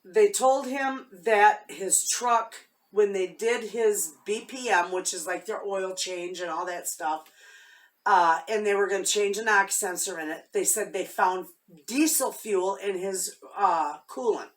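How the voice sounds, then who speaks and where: A woman's voice: medium pitch, a little slow, recorded from a distance. A woman vlogging from her homestead, telling a story in a heartfelt, rambling way with many restarts. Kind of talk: casual chat to camera.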